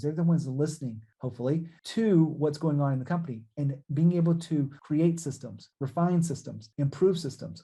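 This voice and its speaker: A male podcast host with a mellow, warm voice that sits a little higher than most men's. He interviews a founder and turns aside to coach his listeners directly. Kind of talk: business interview.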